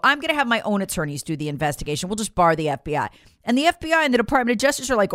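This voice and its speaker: A woman's voice: a little high, very animated, racing, fairly bright tone, no room sound, clean studio sound. A woman hosting a talk show, giving an emphatic, sarcastic political commentary monologue and repeating words for emphasis. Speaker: talk radio host.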